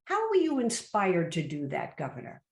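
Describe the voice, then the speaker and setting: An older woman co-hosting an interview, chatty and halting with fillers. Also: fairly low pitch, wildly swooping pitch, darkish tone. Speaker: co-host. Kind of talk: casual interview chat. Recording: roomy echo.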